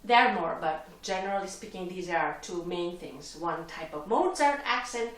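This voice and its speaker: A woman's voice: fairly low pitch, animated, moderate pace, a bit bright, far from the mic. Roomy-sounding woman teaching violin. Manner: patient, explains step by step with small slips in wording. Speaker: violin instructor. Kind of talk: teaching a lesson with demonstrations. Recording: roomy echo, voice from off the mic, violin playing.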